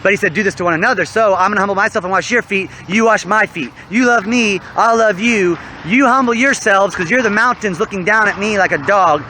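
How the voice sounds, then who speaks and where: High-voiced young man ranting preachily. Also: a little fast, few pauses, pushed and bright, slight background noise, low-quality recording. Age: young adult. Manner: rambling, preachy, profane. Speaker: online game player. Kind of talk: rambling monologue to camera.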